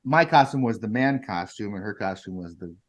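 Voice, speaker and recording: A man's voice: fairly low pitch, lively intonation, a little fast. A man chatting on a podcast and telling a lighthearted story about an old job. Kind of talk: casual podcast conversation.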